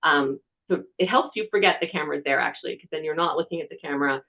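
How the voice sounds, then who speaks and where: A TV reporter presenting a webinar, giving practical media-training advice in a conversational way, from a quiet room. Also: medium pitch, fast, gravelly. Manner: conversational, talks with hands. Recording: tinny phone-like webinar audio.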